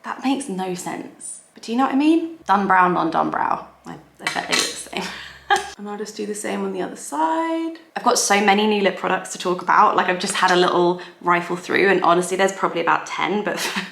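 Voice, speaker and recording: A woman's voice: medium pitch, a little fast, gravelly, fairly bright tone, slight background noise. A woman, chatting casually and giggling as she does her makeup for a get-ready-with-me vlog. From England. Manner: chatty, giggly, self-deprecating. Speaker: beauty vlogger. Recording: echoey room.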